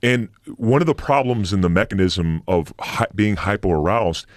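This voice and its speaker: A middle-aged man with a low, heavy voice tells war stories as a podcast guest. He talks bluntly and casually, swears freely, and sometimes imitates gunfire. The studio sound is dry and close. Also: expressive, moderate pace, no echo. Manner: blunt and profane, with sound-effect noises. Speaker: podcast guest, military veteran.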